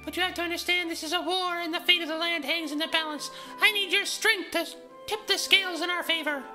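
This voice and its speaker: A man's voice: very high voice, steady tone, fairly quick, bright, forceful tone, soft background music, pitched above the performer's own voice, heavily acted. A man voicing a solemn young woman chosen by a goddess, giving grand, formal speeches in a let's play voice-over. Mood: earnest. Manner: grand, formal speeches broken by flustered asides.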